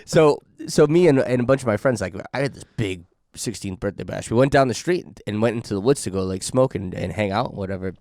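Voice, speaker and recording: A man's voice: lowish voice, lively intonation, brisk, a little mellow, dry recording, clean studio sound. A young man co-hosting a podcast, telling a long story in casual chat, rambling with lots of fillers and laughing as he goes. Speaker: podcast co-host.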